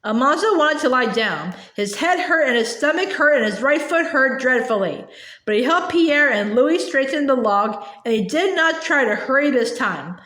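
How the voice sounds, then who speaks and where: A woman reads a children's novel aloud in a gentle, unhurried storytelling manner, stumbling and restarting now and then. Her voice sits high. The recording has a roomy echo. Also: lively intonation. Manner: clear, gentle storytelling with small slips and restarts. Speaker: audiobook reader. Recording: echoey room.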